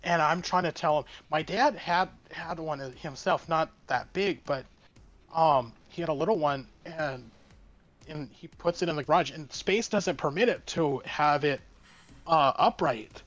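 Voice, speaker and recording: A man guest telling a work story in a casual, halting way, full of fillers and restarts. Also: on the high side, a bit bright, muffled recording. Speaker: streamer guest.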